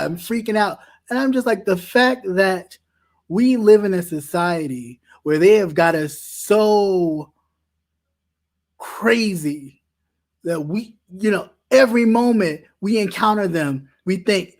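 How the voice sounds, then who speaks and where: A man's voice: sits high, animated, slow pace. Emphatic man with stumbling restarts. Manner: emphatic, with many repeated restarts. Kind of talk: impassioned talk-show commentary.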